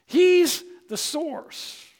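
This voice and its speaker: High-voiced, slow-preaching male pastor. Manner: emphatic, direct, asks rhetorical questions. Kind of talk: sermon.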